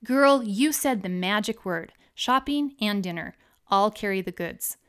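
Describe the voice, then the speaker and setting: A woman narrator voicing a warm, motherly woman friend. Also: medium pitch, lively intonation, a little slow, clear, resonant tone.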